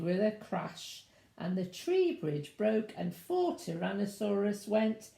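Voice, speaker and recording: A woman reads a children's story aloud, her voice bouncing up and down with chatty asides. Her tone is mellow, with a gravelly edge. The roomy echo of a room at home surrounds her. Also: mid-range voice, slow. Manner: animated, chatty asides to young listeners. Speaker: teacher reading to children.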